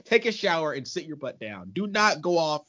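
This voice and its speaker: A man co-hosting a casual podcast chat, animated and exasperated, laughing often. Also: on the high side, moderate pace. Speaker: podcast co-host. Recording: muffled lo-fi.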